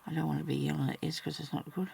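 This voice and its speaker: A woman talks her way through a slow stitching session, half to herself and half to the camera. Her voice has a heavily gravelly, fried edge, with a faint hiss of background noise behind her. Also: deep voice, flat delivery, warm tone. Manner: chatty and muttering to herself while stitching. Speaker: crafter narrating her embroidery work. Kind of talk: casual talk-along crafting vlog.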